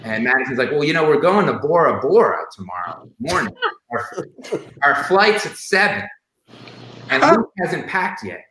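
A podcast guest, emotional and close to crying, tells casual stories about a friend who has died, often restarting and using fillers. He speaks at normal speed in a slightly high, sing-song, bright and forceful voice, and the rough recording has room echo and a faint hiss or hum.

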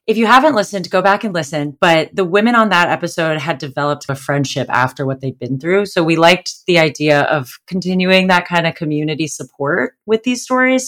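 A woman co-hosts a podcast in an eager, casual way. She often restarts her sentences. Her voice sits a little low. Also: gravelly, a bit bright. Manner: eager, stumbles over starts. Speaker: podcast co-host.

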